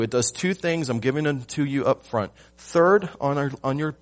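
A man preaching a sermon to his church, asking rhetorical questions and swinging from loud emphasis to hushed lines. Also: medium pitch, moderate pace, soft background music. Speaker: pastor.

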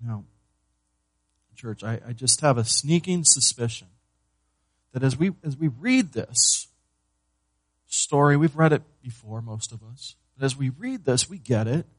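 A pastor preaching a sermon to his church, moving between loud emphasis and hushed, low delivery, and asking the congregation questions he then answers. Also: expressive, measured pace, long pauses, no room sound. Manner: asks the congregation questions and answers them himself.

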